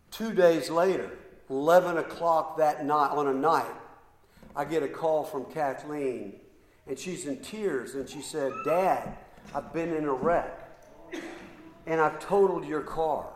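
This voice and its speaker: Man preaching a sermon, middle-aged, slow halting storytelling, somewhat high voice, roomy hall with long echo. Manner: slow, halting storyteller with repeated ands and pauses.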